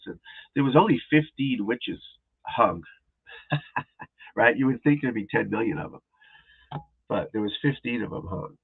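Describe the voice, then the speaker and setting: A man's voice: on the low side, gravelly, breathy edge. A man rambling in casual live-stream chat, restarting sentences and talking to his viewers, with tinny phone-like audio. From New England. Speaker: golf instructor streaming live.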